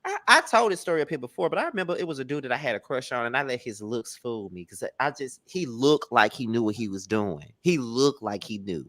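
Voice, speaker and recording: An animated man hosting a casual podcast, telling a story with bright, sharp tone and a lot of swing in his pitch. He acts out the other people in his story with quick put-on voices. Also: no room sound. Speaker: podcast host.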